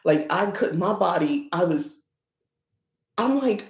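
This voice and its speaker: A woman's voice: on the low side, expressive, slow pace, echoey room. A middle-aged woman hosting a podcast, chatting and telling stories, acting out the voices of the people she quotes. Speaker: podcast host. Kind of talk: casual chat.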